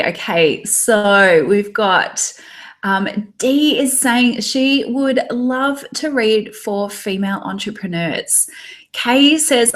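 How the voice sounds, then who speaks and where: A woman in her thirties with an Australian accent, leading a live online training for tarot readers and reading out viewers' chat comments in an upbeat, encouraging way. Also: medium pitch.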